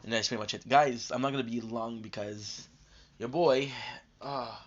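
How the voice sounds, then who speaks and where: A man's voice: medium pitch, fairly even intonation, moderate pace. A man streaming live gameplay, talking casually and rambling with lots of fillers, tired and coming down with a cold. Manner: rambling, chatty, many fillers and restarts. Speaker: gaming streamer. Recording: dull lo-fi stream audio.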